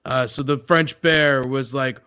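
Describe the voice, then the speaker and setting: A man putting on a gruff, boastful metal-singer storyteller who brushes off every question with a dismissive "okay?". He stumbles through the tale with constant "uh"s at a middling pitch. The podcast audio is slightly dull. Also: fairly even intonation, measured pace, bright, forceful tone. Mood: grumbling. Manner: dismissive, hesitant, full of "uh" and "okay?". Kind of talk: comedy sketch impression.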